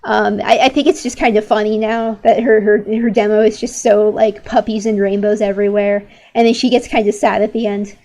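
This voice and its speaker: A woman's voice: mid-range voice, flat delivery, a little fast, hardly any pauses, warm tone. A young woman in her late teens chatting casually while drawing on an art stream, rambling and opinionated, with lots of "like" fillers and restarts.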